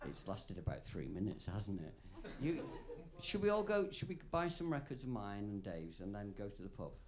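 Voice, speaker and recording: A man's voice: lowish voice, very animated, moderate pace, background noise. A drunk man rambling through a profane story on a concert stage between songs, laughing between phrases, into a stage microphone. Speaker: singer-songwriter performing live. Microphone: stage vocal mic, soundboard feed.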